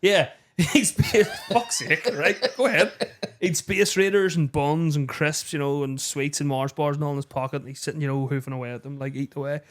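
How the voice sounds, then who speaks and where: A Belfast man co-hosting a podcast, with a voice a touch higher than most men. He laughs often, swears freely and launches eagerly into stories. The talk is relaxed banter. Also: brisk. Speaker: podcast co-host.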